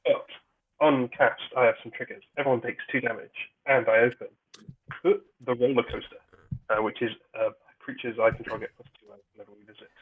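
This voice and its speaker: A man playing a card game over a call, explaining his moves in a halting way. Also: mid-range voice, fairly even intonation, a little hiss or hum. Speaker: player. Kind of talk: casual game chat. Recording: husky voice over a tinny call line.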